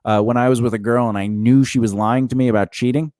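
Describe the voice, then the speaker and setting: A man's voice: mid-range voice, fairly even intonation, fast talker, mellow, no echo, clean studio sound. A man co-hosting a joking casual chat, often laughing and acting out quotes in silly voices. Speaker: podcast co-host.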